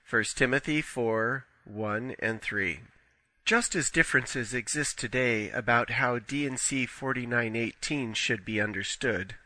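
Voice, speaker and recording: A man reads a scripted scripture study slowly and deliberately, setting each quotation apart with care. His voice is bright and forceful, and it sounds close and dry, with no room sound around it. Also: medium pitch, dry recording. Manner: measured, deliberate reading with careful quotations. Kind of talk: scripted narration.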